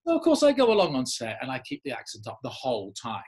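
An English man, an actor, telling lively anecdotes in a casual interview and laughing often. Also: mid-range voice, fast talker, breathy edge. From England. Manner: animated storyteller, laughs often. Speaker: actor guest.

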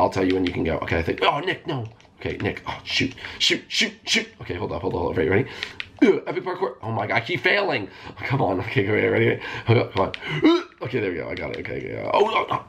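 A man hosting a gaming video, giving excitable live commentary that jumps into squeals and shouts. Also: deep voice, gravelly, a little hiss or hum. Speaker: gaming channel host.

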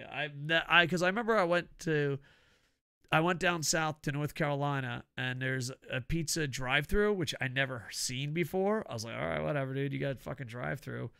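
A man's voice: fairly high pitch, bright, forceful tone, smooth, no echo, studio quality. A middle-aged man, hosting a casual wrestling review and rambling through profane, laughing stories. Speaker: podcast host.

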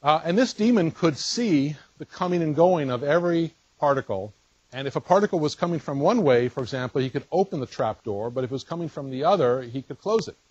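Male lecturer, colloquium talk, explains with pauses and restarts, slightly husky voice. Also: fairly high pitch, lively intonation, a little mellow, no room sound, lo-fi sound. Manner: explanatory, thinks aloud with fillers and restarts. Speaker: physics lecturer.

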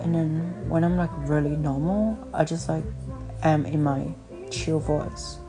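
Low-voiced woman ranting over the phone. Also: steady tone, unhurried, over music. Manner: rambling, blunt, swears freely. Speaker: podcast host. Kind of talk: casual phone chat.

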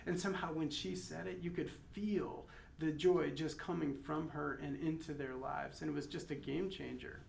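A man's voice: fairly high pitch, steady tone, normal speed, vocal fry, few pauses, darkish tone. A man from Michigan giving a memorial sermon and prayer as pastor, earnest and conversational, with friendly asides. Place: chapel. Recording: echoey chapel with faint noise.

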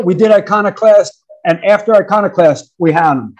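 A husky-voiced man in his fifties with a New York accent tells stories in a relaxed interview. His voice sits fairly high for a man, and he acts out counts and quoted lines, often dropping "man" into his sentences. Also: brisk, lo-fi sound. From United States. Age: 50s. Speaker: guest musician. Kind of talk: casual interview storytelling.

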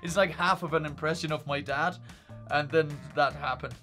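A man with an Irish-tinged accent chatting excitedly while livestreaming a game, breaking into loud cheers and chants. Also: a little high, normal speed, soft background music. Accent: Irish-tinged English. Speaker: streamer. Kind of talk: gaming livestream chat.

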